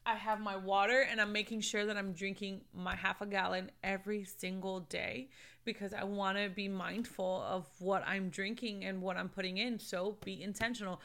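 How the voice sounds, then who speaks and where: A woman with a mid-range, slightly bright voice speaks at a moderate pace with little pitch movement. As a Christian lifestyle vlogger talking to camera, she offers earnest faith and self-care encouragement, calling viewers "sis" and "babe," mixing in Spanish phrases, and laughing between points.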